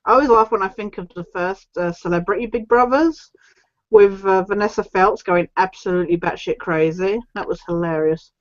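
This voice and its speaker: A woman's voice: mid-range voice, normal speed, dry recording. A woman co-hosting a casual live chat, giving short agreeing replies and blunt opinions. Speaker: co-host. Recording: dry lo-fi stream audio.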